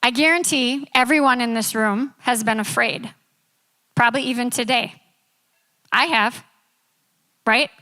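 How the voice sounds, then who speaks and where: Young woman, youth sermon, high voice, bright tone, chatty and casual. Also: unhurried, long pauses. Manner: casual, chatty, often asks the room "right?". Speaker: youth speaker. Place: youth service in a church building.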